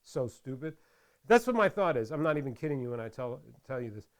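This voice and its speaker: A man's voice: medium pitch, very animated, fast talker. A man casually chatting while making crafts, rambling through stories with lots of restarts. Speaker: craft vlogger. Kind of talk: casual tutorial chat.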